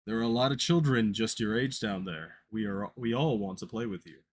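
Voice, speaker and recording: A man voicing a creepy, soothing creature that lures a child, speaking softly, slowly and in a hushed croon. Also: on the low side, a little hiss or hum, lightly acted. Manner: soft, slow, hushed, crooning.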